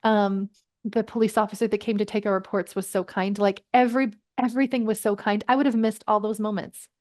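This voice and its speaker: A woman in her thirties, a parenting coach, telling a personal story in an earnest, reflective way with quick asides. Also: medium pitch, fairly even intonation, darkish tone. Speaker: podcast guest, parenting coach. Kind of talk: conversational storytelling.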